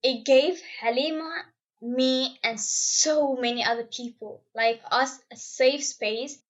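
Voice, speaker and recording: A young woman reading her part of a personal story aloud in a heartfelt, hopeful way. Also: sits high. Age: young adult. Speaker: story reader. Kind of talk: scripted narration. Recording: slightly dull, lo-fi sound.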